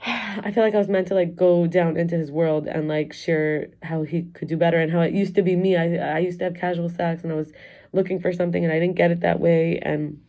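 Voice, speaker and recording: A woman's voice: on the low side, fairly even intonation, brisk, mellow, lo-fi sound. A middle-aged woman talking candidly in a rambling, confessional personal vlog, reflecting aloud as a wellness coach.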